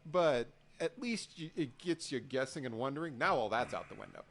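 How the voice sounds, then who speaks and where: A man's voice: medium pitch, normal speed, a little hiss or hum. A man co-hosting a podcast, talking through the week's wrestling shows in a casual, exasperated way and acting out what people said. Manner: animated, exasperated, acts out quotes. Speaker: podcast co-host. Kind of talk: casual wrestling recap chat.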